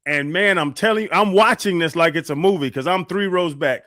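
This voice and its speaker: Male radio co-host, a bit high, dry studio sound, animated storyteller. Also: fairly quick, no room sound. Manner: animated storyteller, acts out quotes. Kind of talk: casual storytelling on sports radio.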